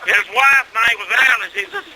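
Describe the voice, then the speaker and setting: Gravelly man telling a tall tale. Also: extremely high pitch, moderate pace, very noisy. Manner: salty rural storytelling, cussing, grows loud and excited with laughs. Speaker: storyteller. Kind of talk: casual folksy storytelling.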